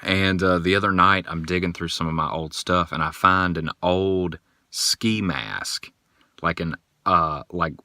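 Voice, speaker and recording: A man hosting a casual solo podcast, telling rambling, animated stories. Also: low voice, measured pace, no echo, clean studio sound. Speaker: podcast host.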